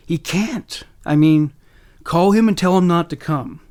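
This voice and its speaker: A woman's voice: lowish voice, a little slow, warm tone, close to an everyday voice. A man voicing a panicked, frightened mother. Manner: panicky, stammering.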